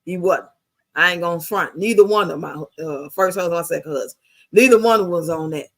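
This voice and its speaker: Low-ish and a little fast, this American woman's voice carries blunt, heavily profane stories. In her fifties, she chats casually and tells them with emphasis.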